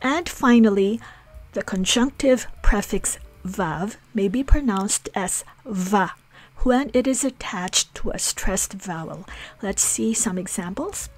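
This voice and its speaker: A woman's voice: medium pitch, slow, faint music behind. A woman teaching a language lesson, patiently explaining rules and repeating example phrases.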